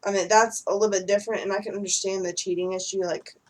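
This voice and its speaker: A woman's voice: medium pitch, little pitch movement, fast talker, a little mellow, far from the mic, slight background noise, rough recording. A young woman chatting casually with her husband, rambling with many fillers. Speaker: vlogger answering questions with her husband. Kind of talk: casual chat.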